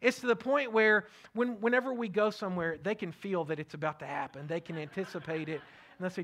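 A middle-aged man preaching a sermon, earnest and repetitive, often dropping his voice to a soft hush. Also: high-pitched, brisk. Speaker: pastor.

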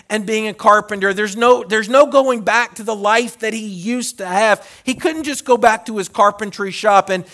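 Here a pastor preaches with a voice that sits high. He alternates between bellowing loudly and speaking softly, repeating words whenever he begins a phrase again.

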